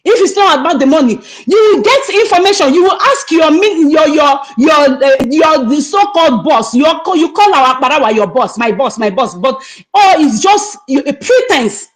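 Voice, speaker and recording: A woman's voice: high-pitched, animated, moderate pace, rough recording. A middle-aged woman with a Nigerian accent, angrily scolding someone during a livestream and repeating herself. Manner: angry, scolding, repetitive. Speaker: online activist speaker. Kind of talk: heated livestream rant.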